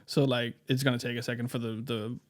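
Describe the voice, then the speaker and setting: A man's voice: medium pitch, level tone, fast. A man from Denmark co-hosting a podcast, joking around and swearing freely in casual chat. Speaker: podcast co-host.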